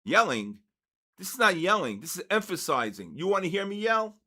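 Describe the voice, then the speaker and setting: A man's voice: high voice, very animated, normal speed, bright, forceful tone. A man in his sixties hosting a live trading session, lecturing emphatically and driving points home with repeated "okay?" and "all right?".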